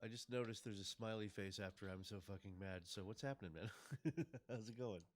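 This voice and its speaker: A man streaming in casual chat, greeting raiders in a relaxed, friendly way. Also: on the low side, fairly quick, slight background noise. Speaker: streamer receiving a raid.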